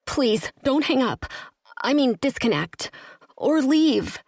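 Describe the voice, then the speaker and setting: A scared young woman stranded far from home pleads for help in breathless bursts, voiced by a woman narrating an audiobook. Her voice rises well above the reader's natural low pitch. The recording is dry and close. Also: lively intonation, slow, no echo. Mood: desperate. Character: frightened young human woman stranded in space.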